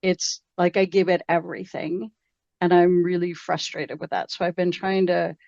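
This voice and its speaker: Role: hesitant woman client, gravelly low voice, on a dry, dull video call line. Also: little pitch movement, moderate pace, a little mellow, no room sound. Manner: hesitant, lots of ums. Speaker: coaching client. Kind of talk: asking for coaching on a video call.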